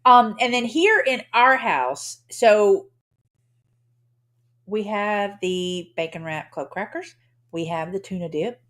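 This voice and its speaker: A woman's voice: mid-range voice, takes it slowly, fairly bright tone. A woman from Louisiana co-hosting a casual livestream, chatty and folksy, laughing often. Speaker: co-host of a livestream. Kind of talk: casual chat.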